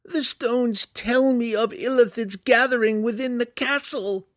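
A man voicing a huge male hook horror monster in an audiobook, speaking in a strained, booming, unnaturally high voice. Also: steady tone, a little slow, a bit bright, no room sound, clean studio sound. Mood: urgent warning.

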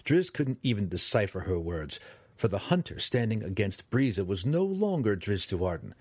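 A man narrating a fantasy audiobook in a dramatic, expressive reading style, close to the mic. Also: on the low side, moderate pace, breathy edge, no echo.

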